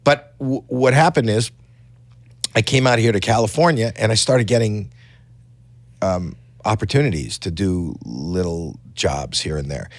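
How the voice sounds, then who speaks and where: Animated stammering storyteller man, low voice. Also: a little slow, dry recording. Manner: animated, stammering restarts, rambling anecdotes. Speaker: podcast guest. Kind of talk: casual storytelling chat. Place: podcast studio.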